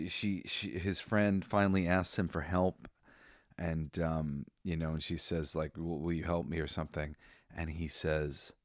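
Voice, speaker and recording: A man's voice: deep voice, no room sound, studio quality. A man hosting a podcast, giving a rambling, profane, emotional review in casual chat. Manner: rambling, profane, with restarts and laughter. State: tearful. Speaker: podcast host. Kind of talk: casual enthusiastic review monologue.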